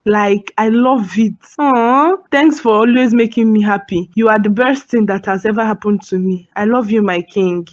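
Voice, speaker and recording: A woman's voice: mid-range voice, normal speed, few pauses, lo-fi sound, natural voice. A woman with a Nigerian accent voicing a doting, proud wife and mother in a cartoon, effusive and full of sighs of delight. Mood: gushing. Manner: effusive, sighing "aw", laughs often. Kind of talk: cartoon voice acting.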